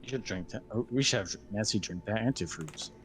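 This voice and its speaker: Deadpan, teasing man, casual co-commentator on a game, faint music underneath. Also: fairly low pitch, fairly quick. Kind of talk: casual let's-play chat.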